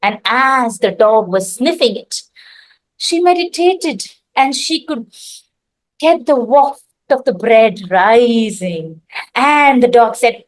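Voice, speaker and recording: A woman narrating an improvised folk tale in a calm, expressive way. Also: a little high, slow pace. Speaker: storyteller. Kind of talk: improvised storytelling.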